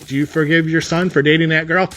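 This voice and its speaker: A man's voice: on the high side, little pitch movement, fast, pitched above the performer's own voice, natural voice. A man doing a furious ranting old father. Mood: enraged. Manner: shouting, ranting outbursts.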